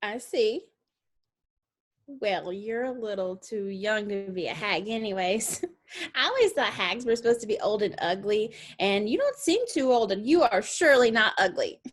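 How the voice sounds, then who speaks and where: A woman's voice: mid-range voice, animated, normal speed, close to an everyday voice. An actress with a Southern US accent playing a bubbly, chatty young Southern girl who giggles and rambles on politely. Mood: curious. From New Orleans, US South. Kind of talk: stage play acting.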